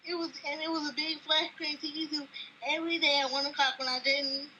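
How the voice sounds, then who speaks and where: Young adult woman, high and bright, tearful and gushing; dull lo-fi recording with faint hiss. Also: level tone, a little fast. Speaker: fan giving a video message. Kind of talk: emotional personal testimony.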